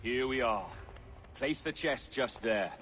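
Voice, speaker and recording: A man voicing a calm guide who explains a secret device to a sailor, in a measured way. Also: medium pitch, breathy edge.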